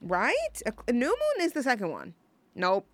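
Pitched on the high side with wildly swooping intonation, this young college radio host talks unhurriedly on her own. Her casual chat is rambling and effusive, packed with fillers and false starts.

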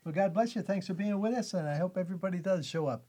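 A man's voice: sits high, fast, mellow. A man hosting a casual radio interview, chatty and jokey with folksy sign-offs. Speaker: radio host.

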